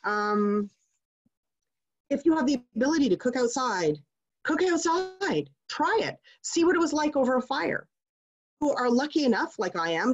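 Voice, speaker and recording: A woman's voice: medium pitch, slightly rough. Chatty woman lecturing over lo-fi audio. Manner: chatty, digressive, prone to rants. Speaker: class presenter. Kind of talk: casual online lecture. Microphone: video call.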